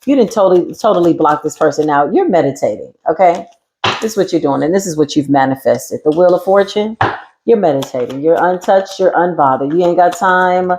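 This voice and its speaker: A woman giving a casual tarot reading with a sassy, mocking manner, swearing freely and laughing loudly. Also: animated, fairly quick, slight background noise. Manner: swings between low murmurs and high teasing squeals. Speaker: tarot reader.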